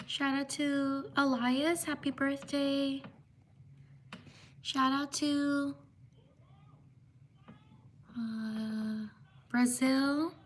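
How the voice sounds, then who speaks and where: A woman hosting a casual livestream, giving slow, unhurried shout-outs and apologizing for mispronouncing names. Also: sits high, flat delivery, a little hiss or hum. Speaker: livestream host.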